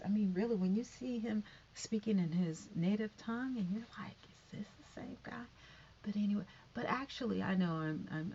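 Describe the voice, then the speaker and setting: A woman's voice: medium pitch, darkish tone, dull audio, slight background noise. A woman casually recapping a TV episode, rambling with lots of fillers and tangents.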